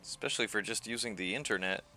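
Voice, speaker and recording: A man's voice: on the low side, fast talker, sharp tone, soft background music. A man streaming live, chatting casually with his viewers, chuckling often and repeating words as he answers them.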